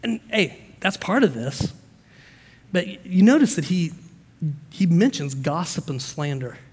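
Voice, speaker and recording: Male pastor, high voice, sermon in a long-reverb hall; storytelling turns to emphatic exhortation. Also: big pitch swings, a little slow, slightly rough. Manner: preaching with stories, swings from soft storytelling to emphatic.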